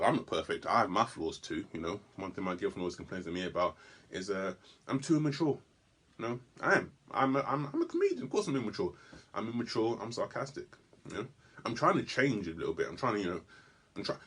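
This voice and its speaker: A man performs a stand-up routine on a comedy club stage. His voice sits fairly low with a husky edge. He tells his story in animated bursts, breaking into loud outbursts and tripping over quick restarts. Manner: stammering restarts.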